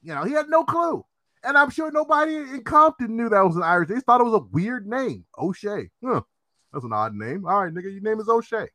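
A man co-hosting a podcast in casual chat, animated and swearing, often acting out what people said. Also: very high-pitched, brisk, dry recording. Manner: animated, swearing, acts out quotes. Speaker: podcast co-host.

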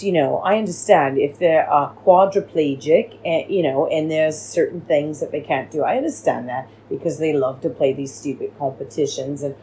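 On her home-recorded podcast, a woman chats casually through a recap, rambling and addressing listeners as darlings. Her voice is deep and warm, but the cheap free microphone gives poor audio with slight background noise.

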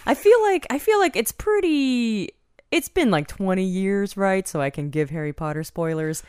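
A woman's voice: medium pitch, animated, moderate pace, a little mellow, clean tone, no room sound, clean studio sound. A woman co-hosting a podcast who chats casually and explains things at length. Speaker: podcast co-host. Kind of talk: casual chat.

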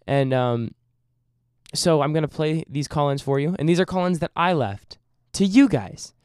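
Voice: medium pitch, animated, normal speed, a little mellow, smooth, no room sound, studio quality. A podcast host chatting casually at home, goofy and rambling, breaking into bits of song.

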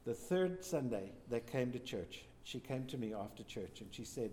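A man, a pastor, telling a church testimony as a lively storyteller who acts out the quoted lines. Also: medium pitch, normal speed, hardly any pauses, slight background noise. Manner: animated storyteller, voices quotes.

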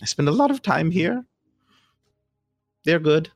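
Man putting on a small gray gnome, gentle, patient animal lover, raised high voice. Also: very animated, a little slow, creaky, soft background music, full character voice. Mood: kindly.

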